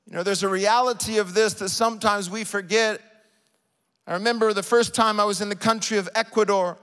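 A man preaching a sermon live in a church, rising to shouts and falling to soft, quiet stretches. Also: high voice, brisk. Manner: impassioned preaching, builds to shouts then drops soft. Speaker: pastor. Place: large church sanctuary. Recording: live church hall reverb.

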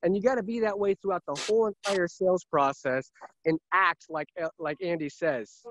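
A man's voice: high-pitched, steady tone, moderate pace, a bit bright, no echo, muffled recording. A man who sells cars, talking earnestly and emphatically in a casual interview, often repeating himself. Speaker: car salesman.

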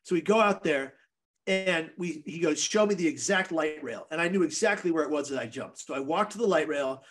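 A man's voice: a little high, a little fast, fairly bright tone. A man guest on a podcast, telling a personal story in an earnest, vivid way.

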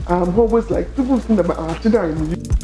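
A middle-aged Nigerian woman telling her story as an interview guest, expressive and quick to laugh. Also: on the low side, over music. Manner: expressive, laughs often, acts out quoted dialogue. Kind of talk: animated personal storytelling.

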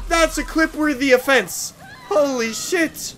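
A gamer giving excitable, swear-filled commentary while playing, with loud outbursts. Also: mid-range voice, a little slow, faint music behind. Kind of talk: gameplay commentary.

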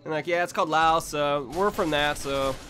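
A man's voice: fairly high pitch, moderate pace, sharp tone. A young man in his twenties telling a rambling, profane story for his vlog, full of restarts and laughs. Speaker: vlogger.

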